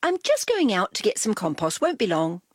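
A woman's voice: medium pitch, wildly swooping pitch, fairly quick, no room sound, clean studio sound. A woman reading the part of a cheerful adult male gardener in a storybook. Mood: friendly.

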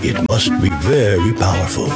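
A man voicing a matter-of-fact blind man in a storybook tale, over loud music. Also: deep voice, normal speed. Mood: declaring. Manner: declaring.

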